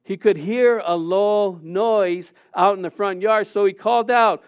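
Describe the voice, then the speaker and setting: A man's voice: high-pitched, unhurried, few pauses, clean tone, highs cut off. A man preaching a sermon, reading scripture aloud and telling a story with asides to the congregation. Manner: reads scripture then tells a joke with audience asides and laughter. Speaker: pastor.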